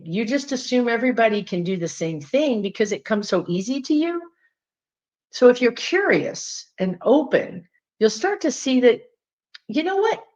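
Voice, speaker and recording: Chatty Southern woman, slightly dull audio. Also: on the high side. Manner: animated, emphatic, chatty with frequent asides. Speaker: spiritual teacher. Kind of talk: casual direct-to-viewer talk.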